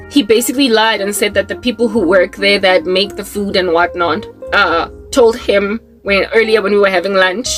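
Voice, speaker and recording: A woman, a Christian vlogger, telling a story and preaching in an animated, chatty way. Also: medium pitch. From South Africa. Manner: animated, chatty, with many fillers.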